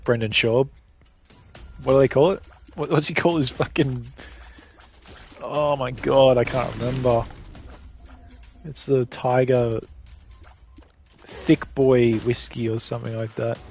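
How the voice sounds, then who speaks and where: A man's voice: mid-range voice, steady tone, takes it slowly, long pauses, darkish tone, faint music behind. Rambling Australian man, casual and sweary. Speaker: gaming streamer. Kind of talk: casual chat while playing a game.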